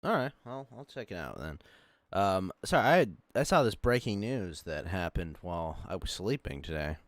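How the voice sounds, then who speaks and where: A man's voice: low voice, big pitch swings, moderate pace, dry recording. A young man hosting a casual online talk show, laid-back and chuckling often. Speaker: podcast host. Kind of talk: casual chat.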